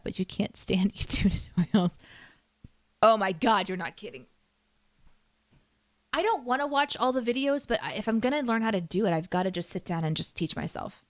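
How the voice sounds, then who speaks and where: A woman's voice: fairly low pitch, no room sound. A woman streamer chatting casually with her viewers, reading chat aloud and teasing herself. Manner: chatty, self-deprecating, reads chat aloud.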